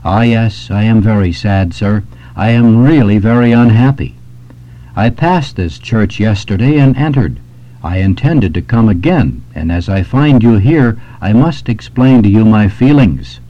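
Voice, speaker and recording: A man's voice: fairly low pitch, animated, measured pace, warm tone. A man reading the lines of a troubled young man in despair, in an earnest, plain delivery. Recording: dull lo-fi recording.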